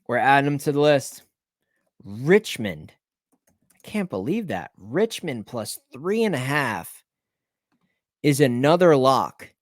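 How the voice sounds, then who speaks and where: A sports betting picks host does a casual solo rundown in a loose, rambling style, thinking aloud, stopping to check scores and correcting himself. His middle-pitched voice is sing-song and slow, with frequent pauses. The recording is dry and close, with no sense of room around him.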